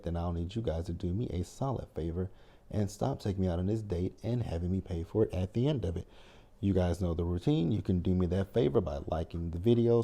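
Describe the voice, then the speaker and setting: Chatty man with a mellow, low voice. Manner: chatty, profane, wry. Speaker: TV recap channel host. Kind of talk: casual TV episode recap.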